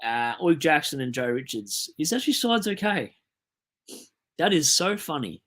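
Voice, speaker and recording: This young Australian streamer has a fairly high, sing-song voice with a fairly bright tone, moving at normal speed. He's casual and chatty, rambling and reading his chat out loud.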